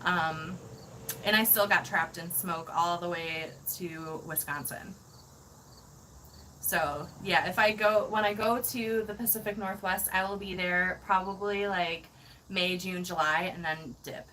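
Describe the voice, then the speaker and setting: A woman's voice: fairly low pitch, steady tone, measured pace, pushed and bright, a little hiss or hum, low-quality recording. A woman hosting a casual van-life livestream, reading viewer comments and gushing with thanks, laughing often.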